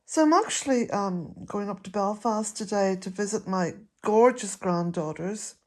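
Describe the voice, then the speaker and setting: An older woman, chatting to camera in a gentle, rambling way and chuckling often. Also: mid-range voice, normal speed. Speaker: vlogger. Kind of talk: casual chat to camera.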